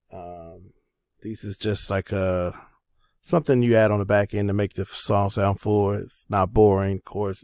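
A man hosting a casual music production tutorial, talking in a laid-back, loose way with many pauses and fillers. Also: fairly low pitch, mellow, dry recording.

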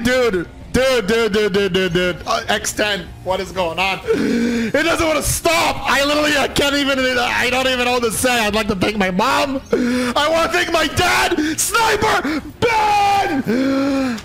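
A man streaming slot spins from home, screaming and laughing in disbelief at his wins, his voice hoarse and nearly gone. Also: extremely high pitch, measured pace, hardly any pauses, sharp tone, faint music behind, low-quality recording. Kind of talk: excited live-stream reaction.

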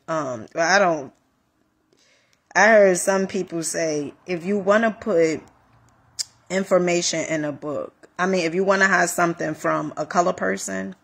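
A woman life coach giving a casual motivational talk, animated, repeating phrases and calling listeners honey. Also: lowish voice, gravelly, slightly rough.

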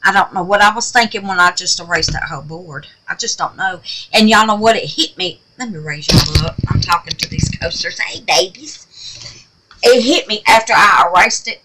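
This crafting channel host is an older woman whose voice sits on the low side, bright and forceful, moving fairly quickly over slight background noise in a low-quality recording. Chatting casually, she calls her viewers darling and baby, wanders off topic warmly, and pokes fun at her own forgetfulness.

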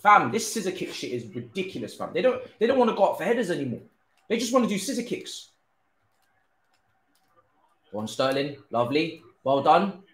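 Excitable young man. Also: on the high side, brisk, long pauses. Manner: excitable, shouts and swears at the players. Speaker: gaming streamer. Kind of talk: live gameplay commentary. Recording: echoey room.

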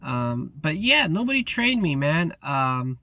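A man's voice: on the high side, sing-song, slow, bright, forceful tone. A man who works as a security guard, talking casually in a laid-back, slangy way and often saying "man". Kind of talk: casual vlog talk.

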